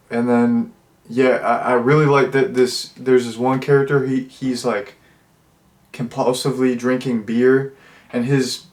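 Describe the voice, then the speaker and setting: A young man giving a casual, rambling movie review, full of fillers and restarts. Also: mid-range voice.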